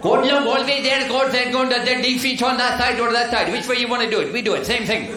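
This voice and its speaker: A comedian voicing a flustered male construction foreman who speaks broken English in rapid bursts, repeating "right?" in an echoey club. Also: extremely high pitch, fairly even intonation, very noisy, pitched above the performer's own voice. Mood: eager.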